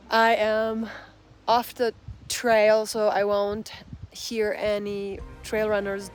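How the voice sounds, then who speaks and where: Chatty woman vlogging from a mountain trail. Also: mid-range voice. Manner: chatty and reflective, musing aloud. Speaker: solo thru-hiker vlogger. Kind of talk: casual vlog to camera.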